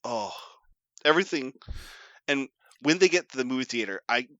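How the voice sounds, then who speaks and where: A man co-hosting a podcast in casual chat, excitable and laughing often as he talks. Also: mid-range voice, normal speed, no room sound, muffled recording. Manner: laughs a lot, animated and excitable. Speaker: podcast co-host.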